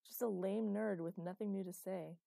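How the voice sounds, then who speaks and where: A woman's voice: mid-range voice, steady tone, normal speed, gravelly, warm tone, no echo. A woman doing a petulant, melodramatic young writer. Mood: sulky. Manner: whiny, melodramatic.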